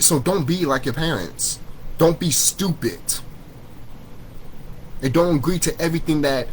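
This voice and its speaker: A man's voice: fairly high pitch, slight background noise, low-quality recording. Swearing man on a heated rant. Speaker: vlogger. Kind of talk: profane spiritual rant to camera.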